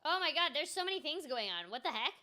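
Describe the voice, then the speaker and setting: A woman with a high, bright voice that bounces all over the place chats her way through a gameplay stream. She talks in an animated, scattered way, full of ums and self-mocking little asides. Her tone is lively and chatty. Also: fast. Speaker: voice actor streaming a video game. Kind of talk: casual gameplay chat.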